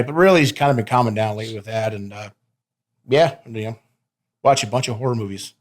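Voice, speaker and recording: A man's voice: on the low side, quick pace. A man being interviewed in a casual sit-down chat. He talks in a rowdy, loose way, laughs often, swears freely and calls the host "babe". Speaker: professional wrestler guest. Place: interview studio.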